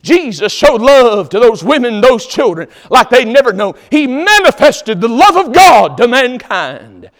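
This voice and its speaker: A man preaching a sermon, emphatic, swinging between loud exhortation and hushed tones. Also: extremely high pitch, big pitch swings, a little slow, few pauses, in a large hall.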